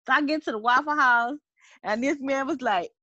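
Woman, high voice, dry close sound, animated casual storytelling. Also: moderate pace, dry recording, dull audio. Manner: animated storyteller, laughs often. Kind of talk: casual chat among friends.

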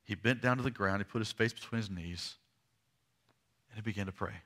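A man preaching a sermon, retelling a story dramatically, swinging from loud emphasis to hushed lows and slowing down to stress key lines. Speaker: pastor.

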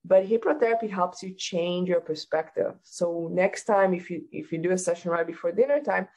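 A woman talking as a hypnotherapist guest in a casual interview, calmly explaining and giving practical advice. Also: fairly low pitch, brisk, poor audio.

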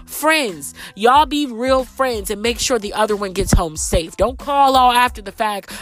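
Young woman, rideshare driver, congested from a cold; lively, fairly high voice, cussing and preachy. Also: unhurried, hardly any pauses, soft background music. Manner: profane, emphatic, lecturing. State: stuffy nose from a cold. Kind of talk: casual ranting vlog.

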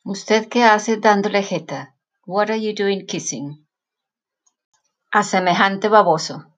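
A woman, a Spanish teacher, narrating a lesson, explaining phrases and repeating them slowly. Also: mid-range voice. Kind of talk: scripted language lesson narration.

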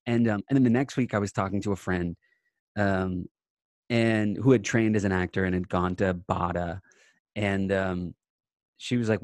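A young adult man, an actor guest, chatting casually in a remote interview and telling animated stories in which he quotes himself. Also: low voice, normal speed, no echo, clean studio sound. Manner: animated storyteller, quotes himself in lively bursts. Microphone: remote call mic.

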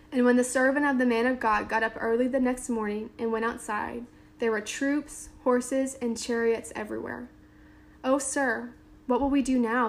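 A woman giving a casual Bible teaching to a small group, reading scripture aloud and then retelling it in everyday talk with lots of "like" and "um". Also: a little high. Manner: conversational, lots of "like" and "um"; reads scripture aloud then paraphrases informally.

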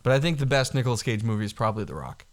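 A man co-hosting a podcast, retelling movie scenes in casual, profane chat, laughing often and slipping into quick impressions of the characters. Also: mid-range voice, lively intonation. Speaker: podcast co-host.

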